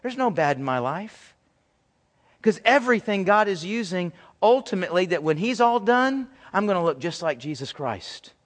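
High-voiced pastor preaching in a reverberant hall. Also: male voice, moderate pace. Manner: conversational, animated, acts out quoted voices. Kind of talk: sermon.

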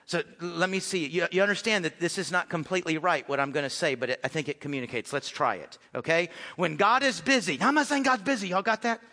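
Male pastor, high bright voice, conversational sermon, long church reverb. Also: quick pace, few pauses. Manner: conversational preaching, swings from loud to hushed.

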